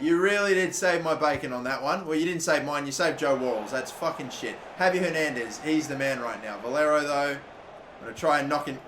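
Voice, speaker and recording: A man with an Australian accent commentating his own football video game session, excitable and swearing often, shouting at his players. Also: a little high, quick pace. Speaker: gaming YouTuber. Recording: echoey room with faint background noise.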